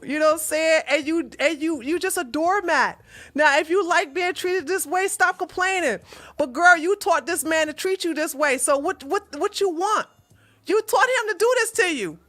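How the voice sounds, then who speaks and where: A woman's voice: extremely high pitch, moderate pace, fairly bright tone. A woman hosting a relationship advice livestream, reading out a viewer's question and answering bluntly with sassy, mocking remarks.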